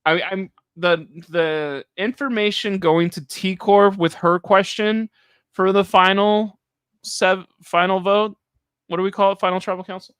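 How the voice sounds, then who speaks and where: A man's voice: sits high, fairly even intonation, unhurried, a bit bright, smooth, dry recording. A man co-hosting a reality TV recap livestream, chatting casually and mimicking people as he retells scenes. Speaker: co-host of a reality TV recap show.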